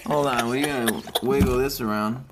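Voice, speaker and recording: A woman's voice: very deep voice, fairly even intonation, normal speed, very noisy. A woman co-hosting a podcast in casual chat, giggly and joking. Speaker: podcast co-host.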